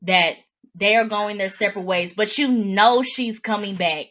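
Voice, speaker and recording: Bright-voiced woman hosting a podcast. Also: medium pitch, normal speed. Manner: laughing, animated banter. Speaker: podcast host. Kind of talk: casual podcast chat.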